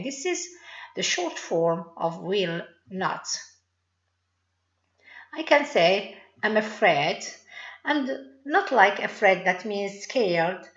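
A woman with a Moroccan accent, a native Arabic speaker, teaching an online English lesson in a slow, deliberate way and praising her learners. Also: medium pitch, lively intonation, a bit bright. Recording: roomy echo.

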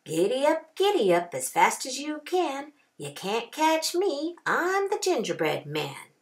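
A woman voicing a boastful gingerbread cowboy who taunts in a high singsong chant. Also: wildly swooping pitch, measured pace, full character voice. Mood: taunting. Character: boastful gingerbread cowboy boy, cocky runner.

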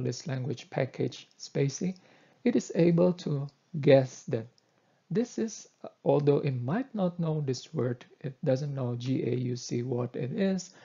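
Male lecturer, slow deliberate coding tutorial, gravelly husky voice, dull lo-fi mic. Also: fairly high pitch, dark tone. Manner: slow, deliberate explaining with fillers. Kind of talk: screen-recorded coding tutorial.

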